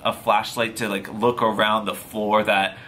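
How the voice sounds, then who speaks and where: A man vlogger casually retelling a story to camera, profane and animated, full of slang. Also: on the low side, a little slow, slight background noise.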